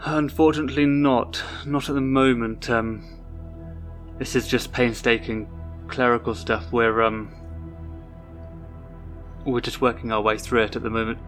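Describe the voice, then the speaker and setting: Man putting on a posh formal agent voice, lots of ums, bright tone. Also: medium pitch, level tone, unhurried, pauses often, soft background music, lightly acted. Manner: prim, formal, fumbling with fillers. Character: awkward male agent posing as a polished researcher.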